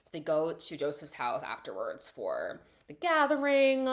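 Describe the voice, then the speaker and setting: A young woman with a low-pitched voice recaps a story in casual, sarcastic chat. She leans on fillers and wry asides, slipping into quick impressions of the characters. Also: wildly swooping pitch. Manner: chatty, sarcastic, heavy "like" and "obviously", acts out quotes. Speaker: writer and coach recapping a movie.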